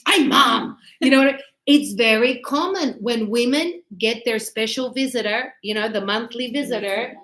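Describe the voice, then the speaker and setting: A woman's voice: a little high, normal speed, few pauses, fairly bright tone, echoey room. A middle-aged woman teaching a grammar lesson to a class, acting out little scenes with voices as examples. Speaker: English teacher.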